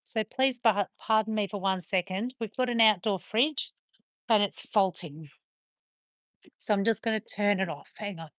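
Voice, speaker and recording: A woman chatting with viewers on a livestream while playing with her dogs, slipping into high sing-song praise for them. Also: moderate pace, fairly bright tone, dry recording, clean studio sound. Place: outdoors on a rural property with dogs.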